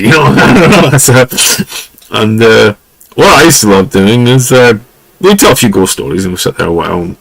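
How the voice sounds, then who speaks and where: Recorded dry and in low quality on a lesser mic at home, a man from Scotland hosts a podcast of casual stories. He rambles, chuckles, and leans on fillers, speaking in a mid-range voice with a fairly bright tone.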